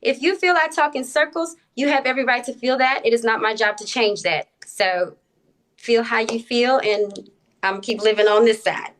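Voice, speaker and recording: A woman with a slightly high voice lays out her points into a phone during a livestream debate. She speaks in a measured, deliberate way, pausing on filler words. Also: a bit bright. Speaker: TikTok live guest. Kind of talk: casual live-stream debate.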